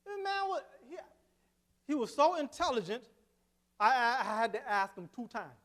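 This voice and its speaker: Man with a very high voice, excitable church speaker, telling a witnessing testimony with bursts of exclamation. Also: normal speed, big-room sound. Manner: excitable, exclamatory, repeats himself. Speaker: Adventist speaker sharing a witnessing story. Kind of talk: personal testimony storytelling.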